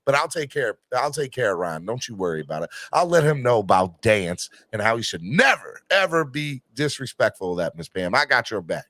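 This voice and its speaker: A man's voice: mid-range voice, sing-song, a little fast, few pauses, fairly bright tone, no room sound. A man hosting a casual fan live stream, talking in a playful, teasing way. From Mississippi. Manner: playful, teasing, sometimes mock-serious. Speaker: fan show host. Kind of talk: casual chat. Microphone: video call.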